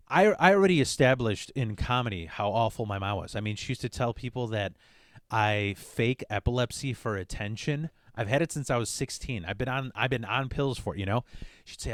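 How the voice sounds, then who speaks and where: A man's voice: mid-range voice, no room sound, clean studio sound. A man hosting a podcast, talking in a blunt, profane comic monologue. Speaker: podcast host. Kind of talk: casual comedic monologue.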